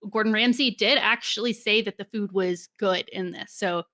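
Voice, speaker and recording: A woman's voice: mid-range voice, normal speed, sharp tone, no room sound, clean studio sound. A woman co-hosting, casually introducing video clips with a few hesitations. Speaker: co-host presenting clips. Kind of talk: casual chat.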